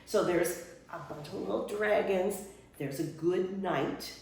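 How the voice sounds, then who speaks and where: A woman's voice: on the low side, a little slow, creaky. An older woman, a retired children's librarian, demonstrating how to read aloud to kids in a workshop, with playful exclamations. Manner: animated storytime voice, big swoops and playful exclamations. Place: workshop room. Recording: echoey room, voice from far off.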